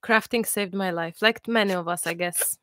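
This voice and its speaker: A woman in her thirties hosting a live crafting class, chatting and telling stories in a lively way with many restarts. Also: medium pitch, normal speed, noisy background. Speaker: crafting channel host. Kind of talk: casual chat during a live crafting class.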